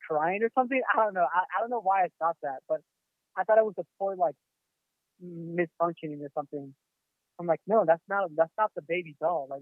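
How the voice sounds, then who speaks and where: A man's voice: fairly high pitch, dry recording. Male podcast guest, casual and rambling, swears freely; dry, tinny phone-like sound. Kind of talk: casual storytelling.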